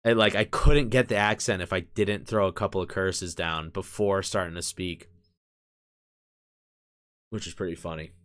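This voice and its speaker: A man with a somewhat low voice chats casually on his live stream. He rambles along with plenty of fillers and drops swear words as he goes. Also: fairly even intonation, normal speed, pauses often, a bit bright.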